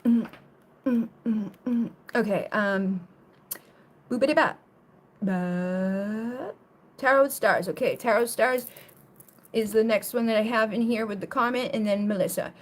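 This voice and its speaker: A woman chats loosely on a live tarot stream, sitting a little higher than most women's voices. She wanders from thought to thought, swears freely and breaks into laughter and goofy word riffs. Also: a little slow, long pauses. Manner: rambling, profane and laughing; playful silly vocal riffs. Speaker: tarot reader. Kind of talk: casual live-stream chat.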